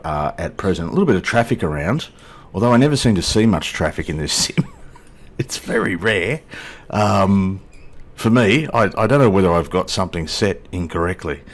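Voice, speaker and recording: Lively, low-voiced man chatting through a flight sim. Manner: chatty, joking and self-deprecating. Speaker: flight sim video host. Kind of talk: casual gameplay commentary.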